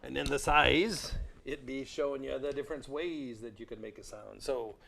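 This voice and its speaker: A man's voice: medium pitch, fairly even intonation, moderate pace, vocal fry, sharp tone. A man teaching science on a live call-in TV show, playfully dropping into pirate talk. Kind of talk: live TV lesson. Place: TV studio.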